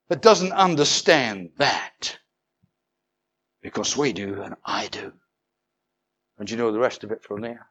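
A man preaching a sermon, moving from measured storytelling to fervent, rising proclamation with calls of hallelujah. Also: mid-range voice, fairly bright tone.

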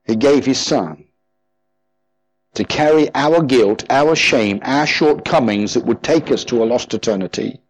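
A man's voice: medium pitch, a little slow, slightly rough, rough recording. A man preaching a sermon as pastor, fervent and emphatic, often repeating his phrases.

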